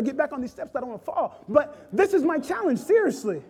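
A man's voice: very high-pitched, very animated, fairly quick, hardly any pauses, a little mellow. A man preaching an impassioned sermon, rising and falling in intensity. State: choked up with emotion.

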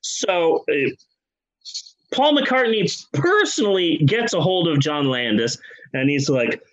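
A man with a slightly high voice spins a comic anecdote, casual and loose. He swears freely, trips into restarts and tosses in jokey asides as he goes. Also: very animated, slow pace, fairly bright tone, poor audio. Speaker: podcast host and storyteller. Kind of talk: casual comedic storytelling.

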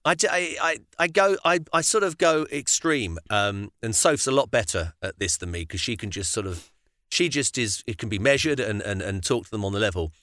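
A British man co-hosting a casual podcast chat, reflective and halting as he thinks aloud. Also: on the low side, lively intonation, sharp tone, dry recording, studio quality. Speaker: podcast co-host.

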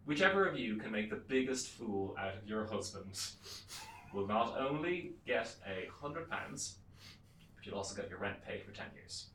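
A woman's voice: rumbling low, expressive, moderate pace, a bit bright, slight background noise. A woman voicing a gleeful rich male landlord in a told folk tale, bossy and amused. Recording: roomy echo, distant mic.

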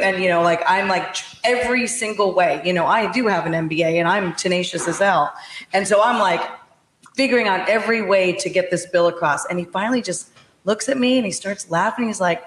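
Blunt, forceful woman in a roomy space. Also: lowish voice, a little fast. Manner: blunt, forceful, tenacious storyteller. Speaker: former state senator, guest. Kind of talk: candid talk-show storytelling.

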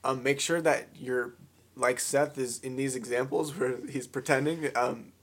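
A man's voice: mid-range voice, steady tone, measured pace. Young man giving earnest advice. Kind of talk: casual chat.

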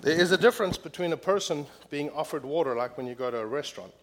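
A man preaching a sermon as pastor in a church, repeating key phrases with emphasis and growing loud when reading scripture. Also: fairly high pitch, lively intonation, fast talker.

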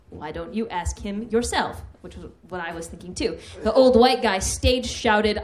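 Wry woman reading a comic essay. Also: medium pitch. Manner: wry, building to mock-outraged tirades. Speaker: host and writer reading her essay. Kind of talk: live comedic essay reading.

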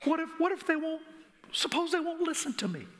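A preacher doing a high, panicky doubter. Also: male voice, big pitch swings, fairly quick, fairly bright tone, full character voice. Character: doubting frightened man, pleading.

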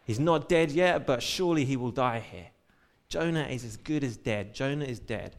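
A man's voice: mid-range voice, lively intonation, normal speed. A man preaching a sermon in a church, talking casually, with everyday asides between Bible readings. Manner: conversational, retells scripture with casual asides.

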